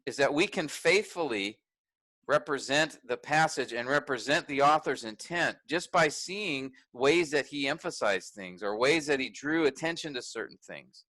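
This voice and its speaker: A man's voice: medium pitch, expressive, normal speed, bright, forceful tone, no room sound, rough recording. A man teaching a graduate workshop in a conversational way, thinking aloud with restarts and fillers.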